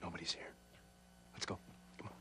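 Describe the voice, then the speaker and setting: An actor playing a gentle male spirit who speaks calmly and reassuringly, with some halting restarts. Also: noisy background, lightly acted. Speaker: soap opera character. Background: score music.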